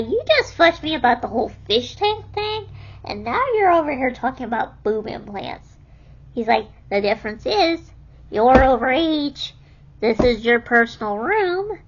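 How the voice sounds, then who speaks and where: High-voiced woman telling stories slowly. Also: breathy edge, dull audio. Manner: laughs often while telling, animated quoting of others. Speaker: vlogger telling her life story. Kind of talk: casual storytelling.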